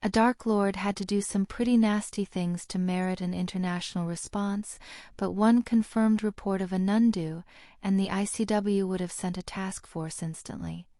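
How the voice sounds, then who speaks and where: A woman reads a fantasy audiobook aloud in a steady storytelling way. Her voice is mellow and dark-toned, recorded dry and close with no room sound. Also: mid-range voice, normal speed, dry recording. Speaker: audiobook narrator. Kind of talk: scripted narration.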